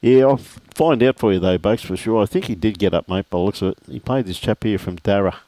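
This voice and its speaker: Matey Aussie bowls commentator, low voice. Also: male voice, quick pace, mellow, no echo. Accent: Australian. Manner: chatty, matey, greets viewers by name. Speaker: lawn bowls livestream commentator. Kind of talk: relaxed live commentary with viewer shout-outs.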